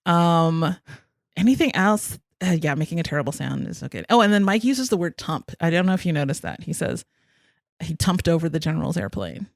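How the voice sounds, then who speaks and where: Woman podcast host, chatty and giggly, animated delivery, dry sound. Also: on the low side, a little fast, creaky, no echo. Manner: chatty and giggly, often laughing. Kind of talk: casual chat.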